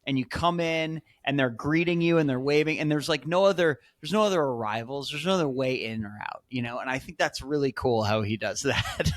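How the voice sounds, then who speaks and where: Man, podcast co-host, excitable casual talk, stammering, dry sound. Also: mid-range voice, a little fast, few pauses, no room sound. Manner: excited, stammering restarts, swears. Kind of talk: casual chat.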